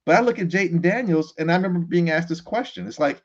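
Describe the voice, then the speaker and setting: A man guesting on a sports talk show, animated and quick to laugh, often restarting his sentences. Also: fairly high pitch, dull audio.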